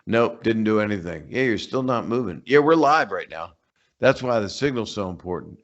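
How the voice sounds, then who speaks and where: A man's voice: lowish voice, animated, normal speed. An older man being interviewed over a call, rambling and joking with wry asides. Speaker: comedian guest. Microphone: remote call connection. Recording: muffled lo-fi call audio.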